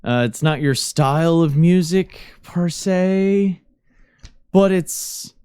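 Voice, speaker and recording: A man narrating a tabletop role-playing scene as game master, describing the setting in a halting, searching way. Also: fairly high pitch, darkish tone, clean tone.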